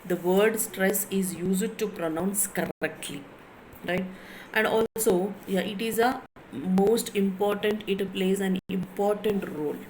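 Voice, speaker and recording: A woman's voice: medium pitch, slow, darkish tone, a little hiss or hum, low-quality recording. A woman lecturer in English with an Indian English accent, teaching a class, repeating key phrases and spelling words letter by letter.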